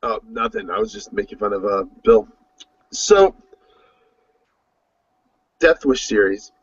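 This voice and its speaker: A man trades jokes in a husky voice that jumps around a lot in pitch. He is sarcastic and full of quick asides. The recording is dry and dull, with a lo-fi sound. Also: lively intonation, dry recording. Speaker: podcast co-host. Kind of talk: casual chat.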